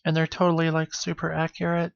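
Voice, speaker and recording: A man's voice: on the high side, monotone, quick pace, creaky, clean tone, dry recording, lo-fi sound. A man hosting his own live stream in a casual, rambling way, trailing off into half-finished sentences. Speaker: livestreamer.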